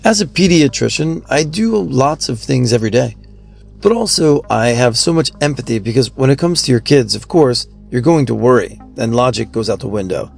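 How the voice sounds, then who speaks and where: A man reading out forum stories in an even, steady scripted narration. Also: medium pitch, normal speed, creaky, faint music behind.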